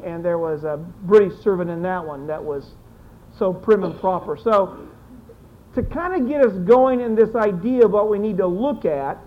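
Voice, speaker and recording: A teacher leading a classroom discussion, briskly encouraging students and repeating their answers aloud. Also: mid-range voice. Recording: dull lo-fi classroom recording.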